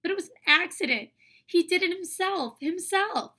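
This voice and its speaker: A woman's voice: moderate pace, pushed and bright. A woman voicing a bossy young girl who whines shrilly. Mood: upset. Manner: whining, shrill.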